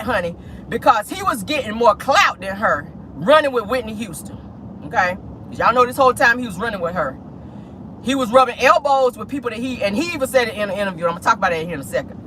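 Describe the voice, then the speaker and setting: Gossip vlogger, sassy, exclamatory, crude slang, bright tone, talking inside a car, faint traffic hum. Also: mid-range voice. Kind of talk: casual celebrity gossip talk.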